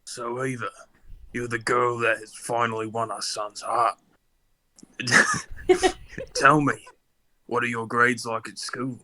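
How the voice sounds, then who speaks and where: A man voicing a gruff, stern, middle-aged British father, doing a put-on British accent in a casual read-aloud. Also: medium pitch, steady tone, sharp tone. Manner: gruff, deliberate.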